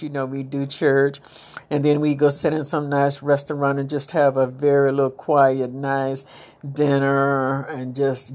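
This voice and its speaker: Low-voiced middle-aged woman podcaster. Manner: rambling, warm-hearted, preachy asides. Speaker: podcast host. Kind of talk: casual inspirational monologue.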